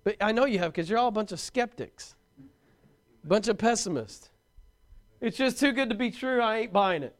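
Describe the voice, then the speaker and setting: High-voiced man preaching a lively sermon. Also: moderate pace. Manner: animated preaching with humor, emphatic repetition.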